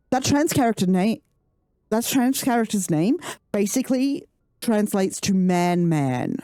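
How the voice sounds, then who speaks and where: A woman's voice: a little high, big pitch swings, normal speed, mellow, no room sound, clean studio sound. A woman live-streaming a game, ranting and swearing in casual chat with her viewers. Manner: profane, ranting, laughing.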